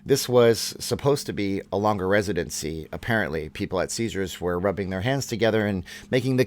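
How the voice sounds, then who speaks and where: A man's voice: on the low side, no echo. A man hosting a vlog, giving opinionated commentary in a ranting way, often repeating and restarting his words. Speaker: vlog host.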